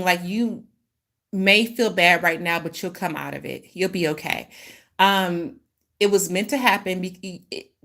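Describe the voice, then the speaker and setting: A woman's voice: lowish voice, fairly bright tone. A woman hosting a casual channeled reading, rambling, with many restarts and apologies. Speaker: intuitive reader, host.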